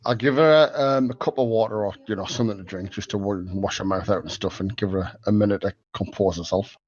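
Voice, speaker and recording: A man's voice: on the low side, fast talker, a little mellow, muffled recording. An older man playing a tabletop game, bantering casually. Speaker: player.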